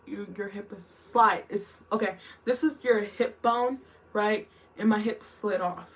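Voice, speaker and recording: A woman's voice: medium pitch, steady tone, a little slow. A young woman telling a long, emotional story in a rambling vlog style, full of fillers and restarts. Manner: rambling, emotional retelling with lots of "like" and "literally". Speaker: vlogger.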